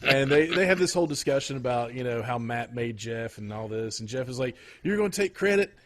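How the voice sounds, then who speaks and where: A man co-hosting a podcast in casual chat, rambling with frequent pauses and restarts. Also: medium pitch, fairly even intonation. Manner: rambling, lots of fillers and restarts. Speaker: podcast co-host.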